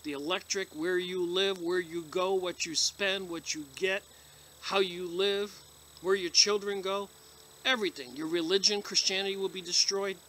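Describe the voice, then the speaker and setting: High, bright-voiced man. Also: fairly even intonation, normal speed, slight background noise. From United States. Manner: emphatic, gets emotional. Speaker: video blogger reviewing books. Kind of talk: reading aloud and commenting.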